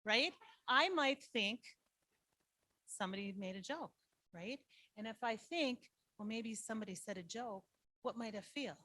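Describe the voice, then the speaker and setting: Woman, school social worker, husky, dry sound, teacherly presenter who keeps quizzing the room. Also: fairly high pitch, unhurried, pauses often, pushed and bright, dry recording. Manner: teacherly, quizzes the audience with frequent "right?". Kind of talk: presentation to foster parents. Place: online meeting.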